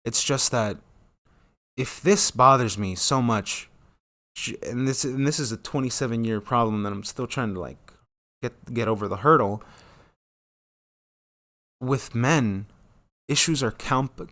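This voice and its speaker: Speaking at a measured pace in a sharp tone and pausing often, a solo talk channel host in his thirties rambles profanely through a casual monologue and loses his train of thought. Quoted dialogue gets acted out with sudden, high jumps in his pitch.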